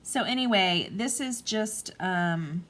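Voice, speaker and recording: A woman in her forties talking through a craft tutorial at home in a gentle, calm, chatty way. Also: mid-range voice, slow. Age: 40s. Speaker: craft vlogger.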